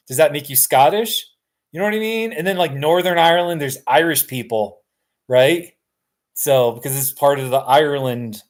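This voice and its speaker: Middle-aged guy, tired live streamer chatting from his couch, self-mocking, rambling. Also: a little high. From United States. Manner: rambling, self-deprecating, laughs often. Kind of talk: casual live stream chat. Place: home, sitting on a couch.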